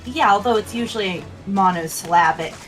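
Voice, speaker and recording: A woman's voice: medium pitch, moderate pace, music in the background, poor audio. A woman co-hosting a casual game stream, explaining game details helpfully. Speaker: co-host giving game tips. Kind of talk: casual let's play chat.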